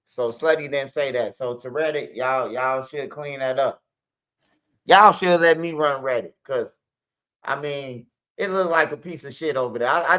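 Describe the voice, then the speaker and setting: A man hosting a news commentary stream, telling street stories in a loose, animated way. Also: on the high side. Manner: animated, acts out fight sounds and quotes. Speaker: commentary channel host. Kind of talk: casual storytelling commentary. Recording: dull lo-fi audio.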